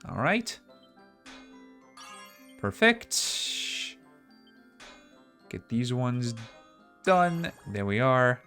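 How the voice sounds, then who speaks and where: A man's voice: medium pitch, big pitch swings, very slow, long pauses, pushed and bright, faint music behind. Chatty man streaming a game. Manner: chatty, self-mocking. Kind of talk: casual gameplay commentary.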